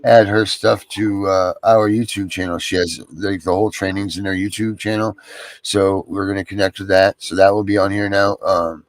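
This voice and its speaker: A man's voice: sits low, fairly even intonation, moderate pace, no room sound. A man hosting a casual livestream chat, talking in a rambling way with many fillers. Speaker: show host.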